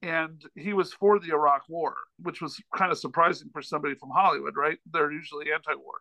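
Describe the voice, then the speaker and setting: A man with a high, sharp voice tells a long, rambling anecdote, stumbling into restarts and self-deprecating asides. The sound is dry and close, with no room around it. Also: fairly even intonation, fairly quick, creaky, dry recording, low-quality recording. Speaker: podcast guest, comedian and author. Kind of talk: casual storytelling in a chat.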